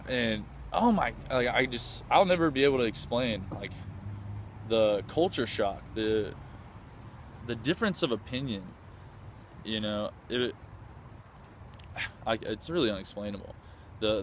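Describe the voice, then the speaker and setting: A man's voice: medium pitch, a little hiss or hum. A man from the United States, enthusiastically recounting a trip in a rambling, casual way with lots of fillers and restarts. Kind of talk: casual storytelling.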